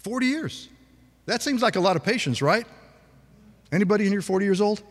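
Man, pastor, conversational sermon, questions to the congregation, slightly higher voice, long hall reverb. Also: expressive, brisk. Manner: conversational preaching with audience questions.

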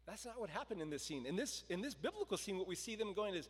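Animated preacher in an echoing hall. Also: male voice, high voice, quick pace, breathy edge. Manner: animated storytelling, acting out the crowd and quotes. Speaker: pastor. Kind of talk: sermon. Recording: long reverb of a large hall.

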